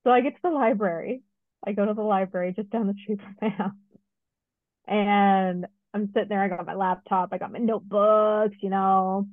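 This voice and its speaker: A middle-aged woman co-hosting a podcast, telling a personal story in a casual, lively way with many asides. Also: mid-range voice, moderate pace, no room sound. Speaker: podcast co-host. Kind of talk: casual chat. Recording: dry, phone-like narrow sound.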